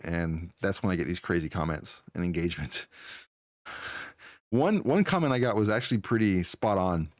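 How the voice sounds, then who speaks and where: A fairly low-pitched man talks casually into a close, dry mic during a live stream. He chats loosely with viewers, laughing often and restarting his sentences as he goes. The sound is close and dry, with no room echo. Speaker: streamer answering chat.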